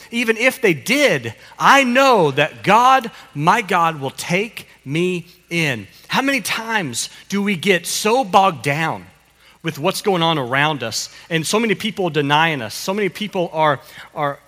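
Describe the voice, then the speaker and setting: A man preaching a family sermon as pastor, animated and encouraging as he coaches children through the psalm, often repeating his phrases. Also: sits high, big-room sound.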